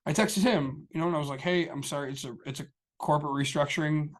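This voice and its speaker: A podcast co-host with a slightly high voice rambles through a story in casual chat, acting out the people he quotes. His tone stays steady and he talks fast.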